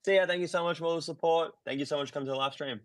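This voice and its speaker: A young Australian man co-hosting a live fan-series Q&A, joking in a dry, deadpan way. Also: fairly high pitch, racing. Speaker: fan series co-host and VFX editor. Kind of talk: casual livestream chat.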